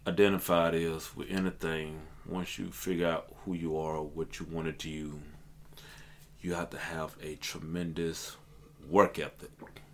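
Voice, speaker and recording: A man's voice: extremely low pitch, little pitch movement, a little slow. A man and aspiring stand-up comedian in a casual podcast chat, talking earnestly and with a motivational drive, and often saying "let me tell you.".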